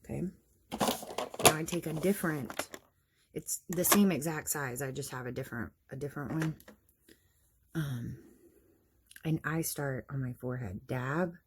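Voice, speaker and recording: A woman's voice: low voice, measured pace, long pauses, background noise. A woman chatting casually through a makeup tutorial, explaining each step and laughing at herself now and then. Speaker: makeup vlogger.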